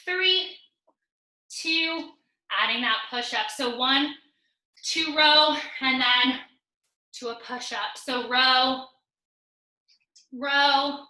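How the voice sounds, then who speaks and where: Breathless, bright-voiced woman coaching a workout. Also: high voice, steady tone, extremely slow, pauses often. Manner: upbeat coaching, counting down reps, joking asides. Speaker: fitness instructor. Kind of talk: live online workout class instruction. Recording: roomy echo.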